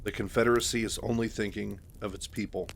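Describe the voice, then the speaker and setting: A man's voice: fairly low pitch, fairly even intonation, fast, creaky. A man voicing a stiff, by-the-book female army lieutenant who speaks formally through her teeth. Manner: formal, tight-lipped.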